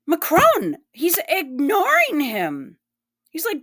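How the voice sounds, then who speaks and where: A woman's voice: extremely high pitch, huge pitch swings, slow pace, fairly bright tone. A woman giving blunt, profane and emotional commentary while reacting to news clips. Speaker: online commentator.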